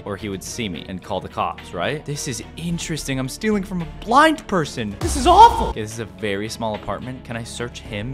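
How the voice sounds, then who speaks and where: Excitable man narrating gameplay, lively pitch. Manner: excitable, talks to viewers, bursts into yelps. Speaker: gaming video creator. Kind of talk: live gameplay commentary.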